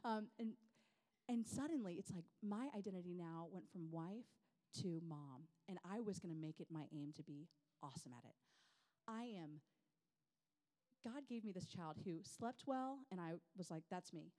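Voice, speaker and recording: A woman, telling personal stories in an animated, self-deprecating way to a women's gathering. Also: on the low side, normal speed. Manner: animated, self-deprecating, chatty with many fillers. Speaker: women's ministry speaker. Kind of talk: personal storytelling talk.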